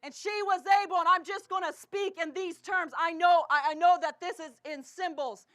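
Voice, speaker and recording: Canadian woman preaching in church, really high bright voice, shouts then goes all hushed. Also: steady tone, moderate pace. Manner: impassioned preaching, often shouting, then dropping to a hush. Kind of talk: sermon. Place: church sanctuary.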